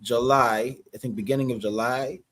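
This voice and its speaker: Canadian male guest, husky, rambling, loose chat. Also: medium pitch, fairly even intonation, moderate pace, fairly bright tone. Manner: loose, rambling, many fillers. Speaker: actor guest. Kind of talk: casual interview chat.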